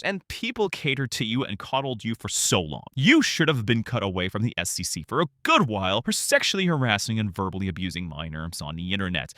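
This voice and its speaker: A man's voice: medium pitch, sharp tone, no echo, studio quality. A man delivering a furious personal rant, cursing and emphatic. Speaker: video creator.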